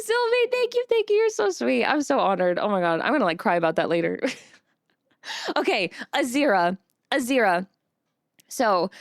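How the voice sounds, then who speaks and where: A woman's voice: high voice, dry recording, studio quality. A woman streamer chatting casually with her live chat, bubbly, reading messages aloud and laughing often.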